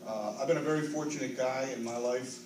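In a large convention banquet hall, an older man offers a heartfelt, grateful award acceptance that swells to emphatic peaks. He talks fairly quickly at medium pitch. A distant mic catches hall echo, audible ambience, and a noisy background.

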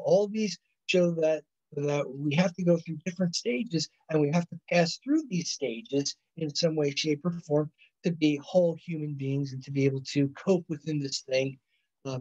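A man gives a psychology lecture over a video call, and his voice sits a little high. He rambles, restarts his sentences and keeps tossing in "right?" as he goes. The audio is dull and lo-fi. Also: normal speed, mellow. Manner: rambling, self-correcting, frequent "right?" and "you know". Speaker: college psychology instructor. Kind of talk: recorded online lecture.

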